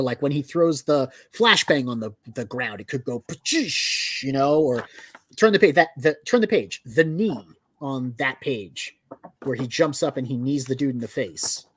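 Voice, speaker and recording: A man co-hosting a casual comic review chat, animated and picky about details. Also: mid-range voice, no room sound. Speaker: podcast co-host.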